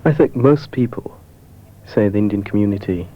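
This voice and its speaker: A man's voice: lowish voice, slight background noise. A man from East Africa answering an interview thoughtfully, correcting himself as he goes, on a muffled 1970s radio recording. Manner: thoughtful, measured, self-correcting.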